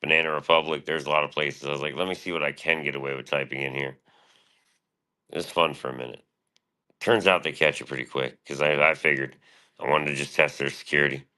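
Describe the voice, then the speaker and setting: Super deep voiced guy ranting on his stream, cussing a lot, kinda bright edgy tone. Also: fairly even intonation, quick pace, clear, resonant tone. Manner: profane, boastful, rambling. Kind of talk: rambling casual monologue.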